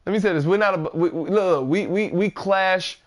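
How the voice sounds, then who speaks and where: Upbeat host with a fairly high voice. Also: male voice, fairly quick. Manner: repeats words, laughs often, hypes guests. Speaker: podcast host. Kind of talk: casual podcast chat.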